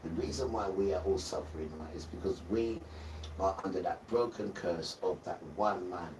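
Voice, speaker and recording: A man's voice: deep voice, moderate pace, distant mic. A man giving a rambling, preachy religious talk on a live stream and calling his viewers guys. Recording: roomy sound from away from the mic, faint noise.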